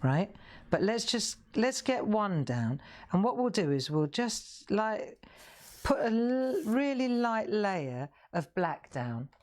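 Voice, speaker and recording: A woman's voice: medium pitch, sing-song, takes it slowly, a little mellow. A middle-aged woman hosting a live colouring demonstration, chatty and encouraging as she talks straight to viewers. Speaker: craft show host.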